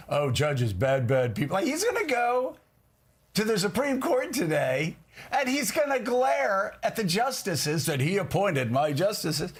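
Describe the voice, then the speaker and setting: A man's voice: very high voice, slightly rough. A male television host giving incredulous, mocking political commentary.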